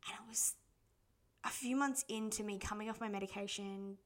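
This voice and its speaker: A woman's voice: medium pitch, fairly even intonation, normal speed. A woman, telling a personal story as a podcast host and quoting what others said to her in a chatty way. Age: 20s.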